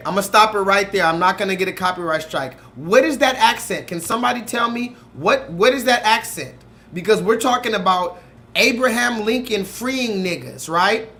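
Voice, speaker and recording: Guy with a high voice ranting to his stream chat, swears a lot, keeps asking questions. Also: lively intonation, moderate pace, pushed and bright. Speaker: streamer host. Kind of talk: casual livestream commentary.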